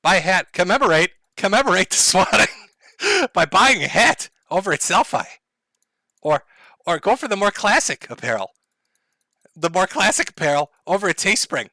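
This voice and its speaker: A man on a live stream, talking loosely and sardonically, with a bright, lively voice that swings around a lot. He laughs often and hams up fake distress. The sound is dry and close, with no room around it. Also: high-pitched, moderate pace, no room sound. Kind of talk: casual live-stream talk. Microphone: headphones and desk mic.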